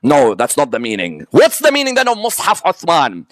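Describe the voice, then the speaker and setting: High-voiced man quizzing his audience. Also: huge pitch swings, dry recording. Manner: lists items one by one in a slow, emphatic way. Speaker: religious lecturer. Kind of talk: religious history lecture to a live audience.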